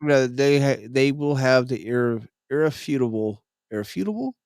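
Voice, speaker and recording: A man's voice: medium pitch, steady tone, a little slow, a little mellow, clear, resonant tone, no room sound, studio quality. A middle-aged man co-hosting a casual chat over drinks, rambling and laughing easily. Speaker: podcast co-host.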